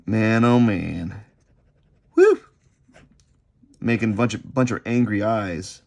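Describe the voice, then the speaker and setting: A man chatting unscripted while he sketches, rambling and halting, often repeating himself as his thoughts drift. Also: on the low side, vocal fry, a little mellow. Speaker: artist vlogger.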